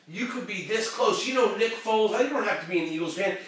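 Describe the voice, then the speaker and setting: A man hosting a show and giving a fervent, preachy motivational pep talk that swings from shouting to hushed tones. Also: sits high, fast talker, hardly any pauses, heavy reverb, far from the mic. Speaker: motivational live-stream host.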